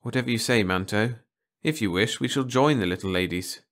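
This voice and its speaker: A man's voice: on the low side, fairly quick, fairly bright tone. A courteous alien hunter from a storybook reading, formal and careful in his speech, as a man puts him on. His voice stays close to an everyday male voice. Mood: polite. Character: polite adult male alien hunter posing as human.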